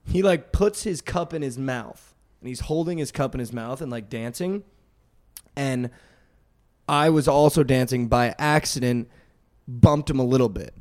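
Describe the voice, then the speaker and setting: A young man co-hosting a podcast, telling a story in casual chat, animated and full of "like" and "dude". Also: mid-range voice, measured pace. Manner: animated, heavy use of "like" and "dude", acts out quotes. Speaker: podcast co-host.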